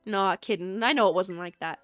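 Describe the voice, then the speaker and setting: A woman's voice: medium pitch, a little fast, fairly bright tone, no echo, soft background music. A woman streaming a video game, chatting casually with her viewers, teasing and laughing often.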